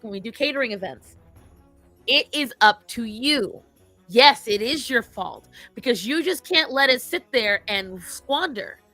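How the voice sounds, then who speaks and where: A woman's voice: on the high side, no room sound. A woman hosting a live stream, casually telling stories and giving blunt, opinionated advice to her chat. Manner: animated, opinionated storytelling. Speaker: streamer host.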